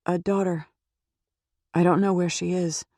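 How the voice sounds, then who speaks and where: A woman's voice: lowish voice, flat delivery, unhurried, mellow, no room sound, clean studio sound. A woman voicing a wary, weary woman on the run, giving short, guarded replies.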